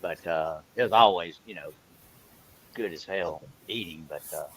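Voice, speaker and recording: A man's voice: low-pitched, moderate pace, fairly bright tone, slightly rough, rough recording. A man, chatting casually with earthy exclamations and farm memories. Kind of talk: casual chat.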